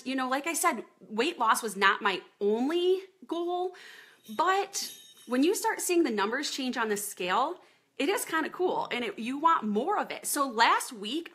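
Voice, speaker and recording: A woman's voice: on the high side, sharp tone, slightly rough. A woman in her thirties, a fitness coach chatting casually on a live video from her home office, greeting viewers by name as she talks.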